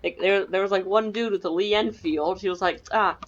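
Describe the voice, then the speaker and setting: Steady in tone and speaking a little fast, a woman with a mid-range voice offers loose, self-deprecating commentary as she plays a strategy game for her gaming videos. The dull lo-fi mic makes it sound muffled.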